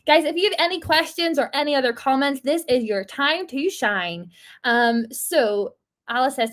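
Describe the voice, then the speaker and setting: A woman's voice: sits high, lively intonation, moderate pace, a bit bright. A woman in her twenties leading a casual faith talk for a group, playful and encouraging, laughing often. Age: 20s. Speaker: small group leader.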